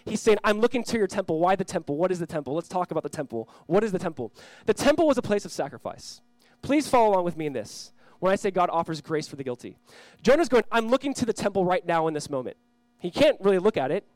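A man preaching a sermon as pastor, earnest, moving between loud emphasis and hushed pleading, reading scripture aloud slowly. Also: high-pitched, big pitch swings, no echo.

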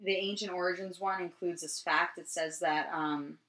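A woman from New Jersey co-hosting a podcast, telling a story in casual chat, rambling and profane with many ums and quick laughs. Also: on the low side, fairly even intonation, fairly bright tone. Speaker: podcast co-host. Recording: roomy echo.

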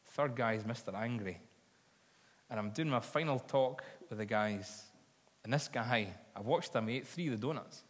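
A man's voice: medium pitch, moderate pace, breathy edge. A man preaching a sermon, telling stories earnestly and building to fervent appeals. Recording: long hall reverb.

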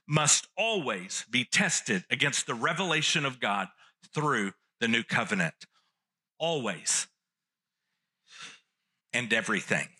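A man's voice: fairly high pitch, pushed and bright, breathy edge. A man preaching a sermon, teaching earnestly and repeating key phrases for emphasis. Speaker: pastor.

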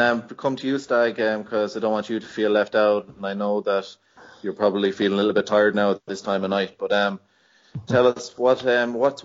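A man with an Irish accent, hosting a casual group podcast chat and teasing the others with frequent laughs. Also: on the low side. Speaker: podcast host. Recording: lo-fi line with background noise.

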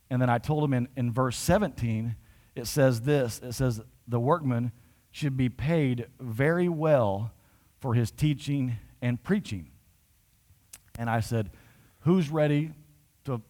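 A man's voice: medium pitch, darkish tone. A man pastor telling a story in a conversational sermon, building to emphatic points.

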